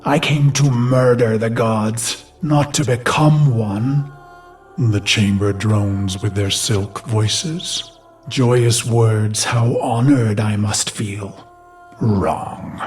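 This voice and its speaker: A man's voice: lowish voice, extremely slow, a little mellow, faint music behind. An actor playing a brooding, vengeful human warlord who recalls his past in a grave, haunted inner monologue for a game cutscene. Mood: defiant. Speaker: narrator of a memory.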